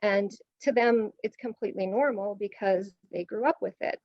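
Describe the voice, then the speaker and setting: Measured woman over muffled call audio. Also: mid-range voice, dry recording. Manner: measured, explanatory. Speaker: conference attendee asking a question. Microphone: video call.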